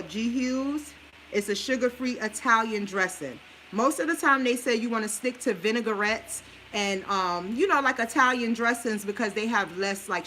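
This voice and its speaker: Medium in pitch but bright and forceful, a woman with a New Orleans accent gives a casual cooking demo and advice from her home kitchen. She shares a meal plan as a vlogger, speaking straight to her audience in a sassy, preachy way, over a little hiss or hum.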